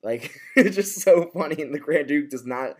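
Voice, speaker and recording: A man co-hosting a podcast, chatting casually and excitedly about a TV episode, stumbling over his words as he goes. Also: on the high side, moderate pace. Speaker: podcast co-host. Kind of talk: casual TV recap chat.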